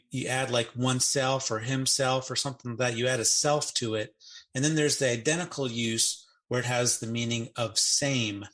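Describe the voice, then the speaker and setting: A man's voice: mid-range voice, a bit bright. Man explaining grammar in casual chat. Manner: explanatory, spells out forms slowly, playful asides. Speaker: Greek grammar podcast co-host. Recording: podcast audio.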